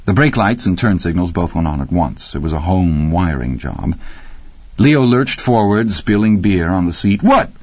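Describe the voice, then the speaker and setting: Man, low voice, lively intonation, audiobook narration, dry muffled recording. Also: normal speed, husky, no echo. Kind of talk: scripted narration.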